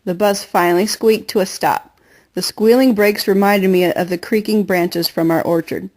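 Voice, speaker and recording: A woman reading a first-person novel aloud in an earnest, steady storytelling voice. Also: medium pitch, normal speed. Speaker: audiobook reader.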